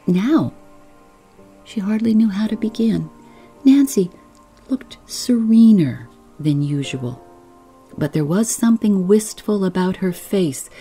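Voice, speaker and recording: A woman host reads a bedtime story aloud in a soft, unhurried way. Her voice is low, mellow and slightly husky, and she takes her time. Faint music plays underneath. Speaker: podcast host and reader. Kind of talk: slow bedtime story narration.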